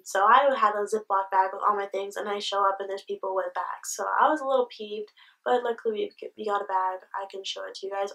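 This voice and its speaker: A woman's voice: medium pitch, pushed and bright, recorded from a distance, rough recording. A young woman vlogger telling a story casually, swearing freely and acting out the conversations she describes. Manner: candid, swears freely, retells the scene with quoted dialogue.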